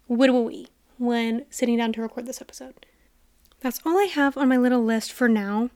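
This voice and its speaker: A young woman hosting a casual solo podcast, chatty and excitable with lots of "like", a little out of breath, talking into a studio mic in a quiet room. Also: fairly high pitch, brisk, vocal fry, dry recording. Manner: chatty and excitable, heavy use of "like". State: a bit out of breath. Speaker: podcast host. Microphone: studio mic with headphones.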